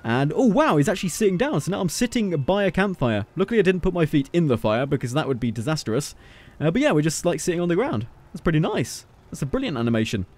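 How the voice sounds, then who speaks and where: A man's voice: fairly high pitch, big pitch swings, fast talker, a little mellow. A man giving casual gameplay commentary as a video creator, playful and jokey, teasing the character on screen.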